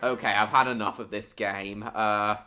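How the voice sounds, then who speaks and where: Bright-voiced giggly male streamer. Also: on the low side, fairly even intonation, normal speed, slight background noise. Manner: giggly, silly and self-mocking. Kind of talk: casual live-stream gaming chat.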